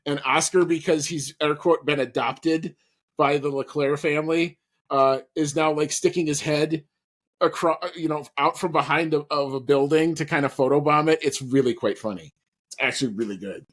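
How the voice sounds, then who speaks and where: Here a podcast co-host chats casually in a slightly high, somewhat bright voice, keeping a moderate pace. He tends to ramble, restarting sentences and using lots of fillers.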